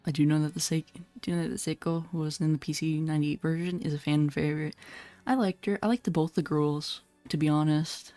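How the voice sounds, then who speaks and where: A woman with a low, mellow voice gives loose, blunt commentary while she streams a horror game, swearing freely and laughing often. Her voice sounds slightly hoarse. Faint game music plays behind her on a dry, close recording. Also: steady tone, fairly quick, hardly any pauses, no echo. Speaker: VTuber streamer. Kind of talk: casual gameplay commentary.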